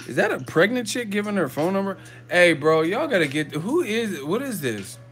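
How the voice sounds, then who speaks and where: A man's voice: sits high, very animated, moderate pace, a bit bright, faint music behind. A man hosting a boxing live chat from a hotel room, telling profane, joking stories. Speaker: boxing YouTuber host. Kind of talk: live-chat vlog storytelling.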